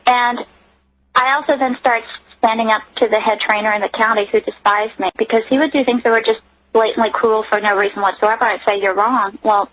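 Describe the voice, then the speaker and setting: A woman's voice: fairly high pitch, fairly even intonation, fairly quick, fairly bright tone, poor audio. A woman giving personal testimony as a radio interview guest, earnest and emotional, often restarting her sentences.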